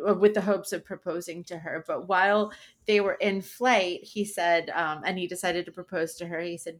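A woman's voice: lowish voice, fairly bright tone. A woman co-hosting a podcast, chatting casually and reading out funny stories with frequent laughter. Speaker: podcast co-host.

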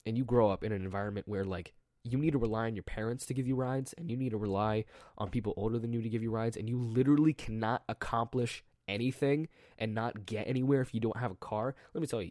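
A teenage boy with a rough, strained throat, chatting casually on his own in a rambling, joking way, full of restarts and self-corrections. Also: medium pitch, darkish tone, no room sound, studio quality. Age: teens. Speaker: podcast diarist. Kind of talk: casual solo vlog chat.

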